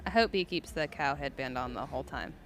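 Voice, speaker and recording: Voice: mid-range voice, brisk, fairly bright tone. A livestream co-host casually chatting during a race, pointing out runners and their gear. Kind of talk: live casual commentary.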